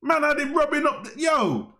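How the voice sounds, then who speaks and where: A man's voice: extremely high pitch, very animated, moderate pace, sharp tone. A young man, hosting a wrestling talk show in a slangy, heated, rambling rant. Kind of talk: ranting casual commentary.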